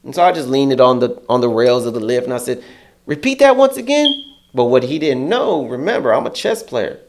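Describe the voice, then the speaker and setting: Talking fast in an expressive, mid-range, slightly mellow voice, a man appearing as an interview guest tells an animated story full of casual profanity. Quoting others, he raises his voice and turns heated.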